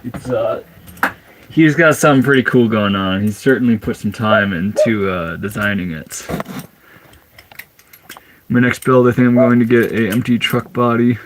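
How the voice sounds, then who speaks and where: Young guy from Minnesota, laid-back livestream chatter, steady mid pitch, metallic clicking and noise behind him. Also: normal speed, pauses often. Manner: relaxed, chatty, reads out viewer questions. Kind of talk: casual livestream chat. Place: converted school bus.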